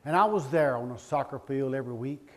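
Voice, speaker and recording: A middle-aged man giving a speech, telling a personal story with heartfelt, dramatic swings between booming and hushed delivery. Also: animated, fairly quick. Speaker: public speaker.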